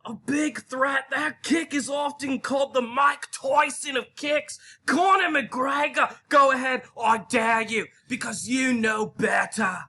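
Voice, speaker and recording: A man co-hosting a classroom safari video, bantering in an over-the-top way with mock Aussie slang and the odd shout. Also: very high-pitched, takes it slowly, hardly any pauses, slightly rough. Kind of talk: playful mock nature-documentary narration.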